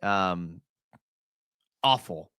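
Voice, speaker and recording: A young man talks through game film on a live stream, rambling and chatty with lots of "like" and "uh." His pitch swings up and down as he gets worked up. The sound is close and dry, with no room around him. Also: drawn-out words, smooth, dry recording. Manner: chatty, filler-heavy, excitable. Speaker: podcast host breaking down game film.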